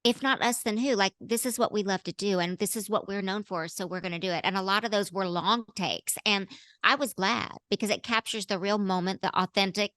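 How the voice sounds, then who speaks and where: Bubbly actress guest, woman, smooth resonant tone, dry close recording. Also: mid-range voice, steady tone, a little fast, a bit bright, no room sound. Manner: bubbly, laughing, jumps into playful voices. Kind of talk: casual interview chat.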